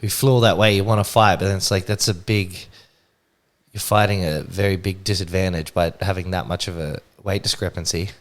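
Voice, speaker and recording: Young man, low voice, easygoing, casual podcast co-host, brings up topics. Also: fairly even intonation, fairly quick. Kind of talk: casual chat.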